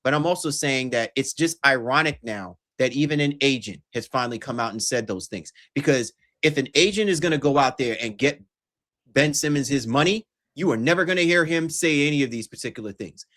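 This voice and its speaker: A man's voice: mid-range voice, lively intonation, a little fast, fairly bright tone. A man hosting a podcast, making long, emphatic arguments in casual sports chat. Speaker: podcast host.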